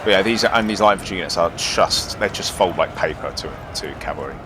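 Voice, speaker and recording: A man's voice: low voice, a little fast. A man casually commentating a strategy game he is playing, rambling through asides with self-deprecating humour. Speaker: gaming commentator. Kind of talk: let's play commentary. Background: loud game music and cannon fire.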